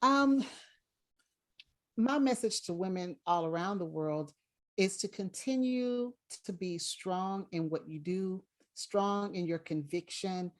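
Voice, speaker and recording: A woman guest on a video call interview, speaking in an earnest, encouraging way and slowing down to stress her points. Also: medium pitch, expressive. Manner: encouraging, earnest, slows down for emphasis. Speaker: guest content creator.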